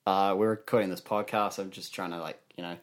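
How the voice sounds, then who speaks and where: A man's voice: deep voice, steady tone, quick pace. A man, a podcast co-host bantering casually and swearing a lot. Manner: sweary road-rage ranting.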